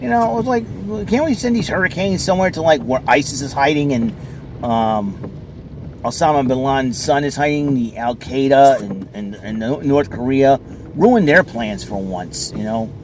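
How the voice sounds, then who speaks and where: A man's voice: medium pitch, expressive, normal speed, a little mellow, slight background noise. A man chatting casually while sitting in his car at a mall, rambling along with lots of fillers. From southern New England. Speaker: vlogger. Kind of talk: casual chat.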